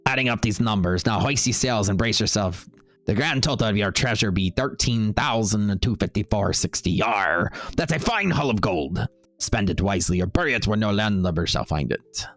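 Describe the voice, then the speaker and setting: A man's voice: on the low side, lively intonation, normal speed, a bit bright, no room sound, soft background music. A man voicing a swaggering pirate captain who reads out a sum in a hammy pirate lilt. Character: swaggering old male pirate reading sums.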